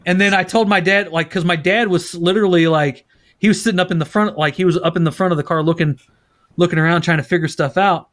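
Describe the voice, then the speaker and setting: A man with a high voice hosts a casual podcast. He tells a story with a lot of swearing and bursts of laughter. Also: fast talker. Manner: profane, laughing, animated storyteller. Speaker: podcast host.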